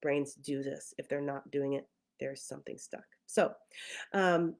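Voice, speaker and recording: A woman's voice: rumbling low, steady tone, measured pace, darkish tone. A woman therapist talking casually, thinking aloud with many fillers and restarts, and sometimes acting out her own past feelings. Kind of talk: casual talk to camera.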